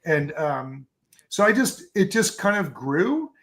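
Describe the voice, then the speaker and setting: A man in a relaxed interview, rambling happily through his stories with plenty of ums and restarts. His voice sits on the higher side for a man. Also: slow. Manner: enthusiastic, rambling storyteller with many fillers. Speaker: photographer guest. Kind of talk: casual interview chat.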